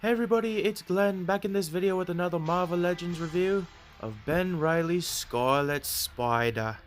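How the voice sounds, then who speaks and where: A man putting on a goofy high-pitched reviewer voice. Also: normal speed, soft background music, close to an everyday voice. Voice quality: stuffy, nasal.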